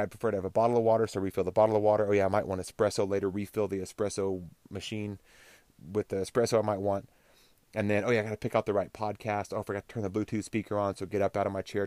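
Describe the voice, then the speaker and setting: A man doing a distracted procrastinator who mutters to himself and drifts from one small errand to the next. The voice is a little low, dry and close. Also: warm tone, no echo, lightly acted. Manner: mumbling, aimless inner monologue.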